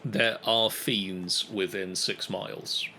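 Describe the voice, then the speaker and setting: Slow, gravelly-voiced game master man. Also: deep voice, fairly even intonation, pushed and bright, slight background noise, poor audio. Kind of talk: narrating a tabletop game.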